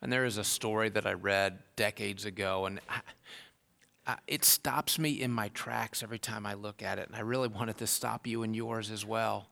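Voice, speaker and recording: A man's voice: on the low side, steady tone, moderate pace, vocal fry, sharp tone. A man preaching a sermon, earnest and heartfelt, building into raised, emphatic passages. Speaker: pastor.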